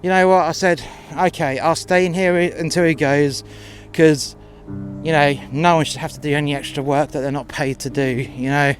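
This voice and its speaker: A man tells a profane workplace story and slips into both sides of the argument, swearing freely. His voice sits a little high for a man, with faint music under it. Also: steady tone, moderate pace. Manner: crude, confrontational, acts out both sides of dialogue. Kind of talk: first-person storytelling.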